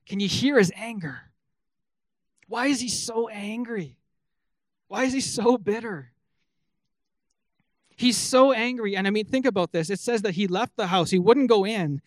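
A man with a notably high voice delivers an earnest sermon, pressing his points home and asking his listeners questions as he teaches. The recording is dry and close, with no room sound. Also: measured pace, long pauses, no room sound. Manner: earnest, emphatic preaching with rhetorical questions. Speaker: pastor.

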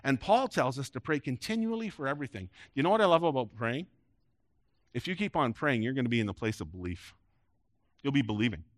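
A male pastor preaching to a congregation in a church, his voice climbing on emphatic lines and sinking at the ends of phrases. His voice sits at an ordinary middle pitch. The sound is dry and close to the microphone. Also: very animated, a little fast, no echo. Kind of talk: sermon. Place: church sanctuary before a congregation.

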